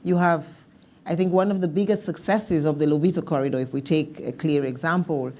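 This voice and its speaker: A woman speaking as a panelist in a policy discussion, measured and thoughtful, with some restarts. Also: sits low, dark tone.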